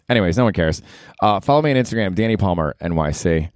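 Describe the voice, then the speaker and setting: A man, a comedian hosting his own podcast, rambling in a casual, profane and self-mocking monologue with sudden excited emphasis. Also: low-pitched, fast talker, no echo, clean studio sound.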